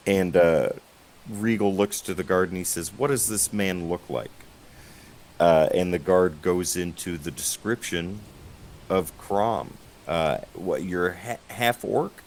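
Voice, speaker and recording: A man narrating as game master, relaxed and halting. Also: low-pitched, a little hiss or hum, low-quality recording.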